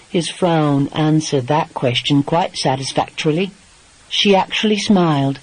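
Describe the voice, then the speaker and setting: A man narrating a romance audiobook in a steady, even storytelling delivery. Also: a little high, a little slow, dry recording, rough recording.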